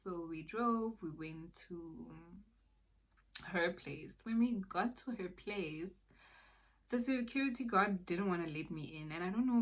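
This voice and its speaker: A young woman telling a personal faith testimony in a halting, conversational way, full of fillers, sometimes sinking to a soft near-whisper. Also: lowish voice, rough recording. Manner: halting, conversational, many fillers like "like" and "you know".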